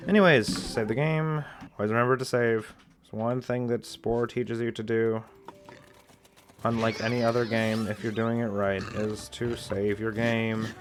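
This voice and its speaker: A man's voice: mid-range voice, flat delivery, unhurried, noisy background. Rambling, playful man doing game commentary. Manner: rambling, playful, often restarts sentences. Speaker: gameplay commentator. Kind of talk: casual let's-play commentary.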